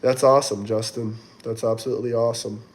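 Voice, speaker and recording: A man's voice: medium pitch, steady tone, fast talker. A man hosting a casual livestream, chatting loosely and reading viewer comments aloud in a rambling way. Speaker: livestream host reading chat.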